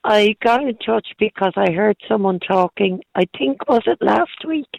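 A hoarse middle-aged woman calling in to a radio show, talking in halting, earnest bursts that repeat words. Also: medium pitch, darkish tone, no room sound, muffled recording. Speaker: caller. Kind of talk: phone-in radio call.

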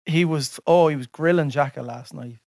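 A man hosts a casual podcast chat with enthusiasm, swearing freely and laughing often. His voice sits slightly high, and the room is dry. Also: moderate pace, gravelly, a little mellow, dry recording. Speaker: podcast host and impressionist.

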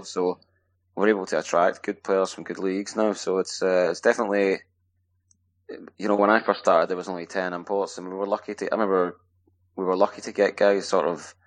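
A man from Scotland, a hockey player answering podcast questions in a relaxed, rambling way with plenty of fillers. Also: low voice. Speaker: guest ice hockey player. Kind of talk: casual podcast interview.

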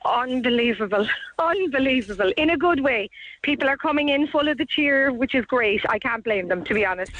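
A woman's voice: high voice, expressive, a bit bright, no echo. A woman from a garden centre interviewed by phone on a radio show, upbeat and selling her products. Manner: upbeat, quick sales talk. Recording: dull phone-line audio.

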